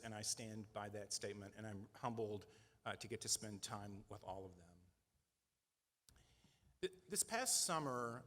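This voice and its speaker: A middle-aged nonprofit head talks to donors at a fundraising breakfast, keeping it conversational and earnest and often adding "right?" His mid-range voice is a bit bright, and it reverberates around the large banquet hall.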